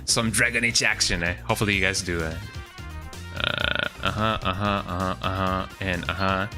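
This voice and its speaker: A man's voice: deep voice, fairly even intonation, normal speed, over music. Chatty streamer man saying "eh?". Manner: chatty, tags sentences with "eh?", mutters while reading instructions aloud. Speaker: game streamer. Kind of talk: casual live-stream chat.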